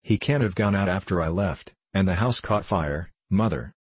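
A man's voice: low-pitched, moderate pace, breathy edge, no echo. A man voicing an earnest, loyal young errand boy in a storybook reading. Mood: alarmed.

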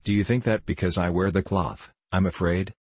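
A man reading the part of an angry, blustering middle-aged friar, sarcastic and loud. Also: low-pitched, steady tone, normal speed, slightly rough, dry recording. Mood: indignant.

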